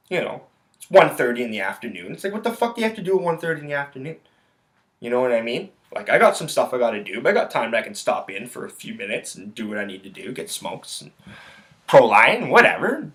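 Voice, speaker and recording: A man's voice: mid-range voice, a bit bright. A young man, hosting a solo podcast and telling a rambling, blunt story full of profanity. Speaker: podcast host.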